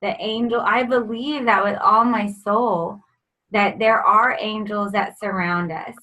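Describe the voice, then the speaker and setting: A woman's voice: medium pitch, fairly even intonation, unhurried, sharp tone, rough recording. A woman hosting a faith talk show, speaking in a reflective, affirming way. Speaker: host. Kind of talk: casual conversation.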